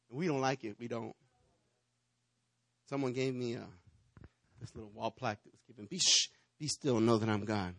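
A pastor preaching a sermon, calling on the congregation to answer him, moving from hushed asides to rousing calls. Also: male voice, mid-range voice, moderate pace, long pauses, no room sound. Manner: preachy call-and-response, shifting from hushed to rousing.

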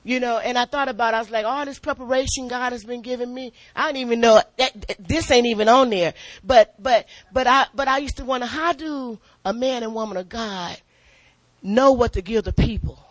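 A middle-aged woman giving a spirited church testimony and sermon, animated, often laughing and repeating her words as she preaches. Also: on the high side, brisk, no room sound.

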